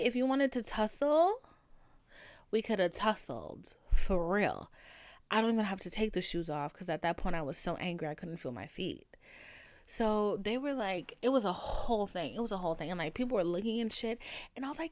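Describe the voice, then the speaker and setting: A woman in her twenties telling a story to camera in a casual vlog, swearing freely and swinging between hushed near-whispers and loud outbursts. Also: medium pitch, very animated, a little fast, no echo. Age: 20s. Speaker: vlogger.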